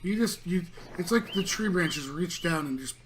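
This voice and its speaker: A man runs a tabletop game, narrating in a loose, rambling way full of fillers. His voice sits a bit high. Faint noise hums behind him. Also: expressive, moderate pace. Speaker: game master.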